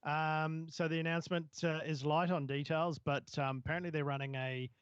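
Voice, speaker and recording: A man's voice: on the high side, little pitch movement, brisk, clear, resonant tone, no room sound, lo-fi sound. A man co-hosting a casual tech news podcast, rambling with many fillers and restarts. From Southern Hemisphere. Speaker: podcast co-host.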